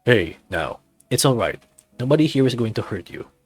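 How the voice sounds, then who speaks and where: A man voicing a large, caring brown male werewolf who speaks softly and formally. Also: mid-range voice, animated, moderate pace, slightly rough, dry recording, faint music behind. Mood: reassuring. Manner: soft, reassuring, formal.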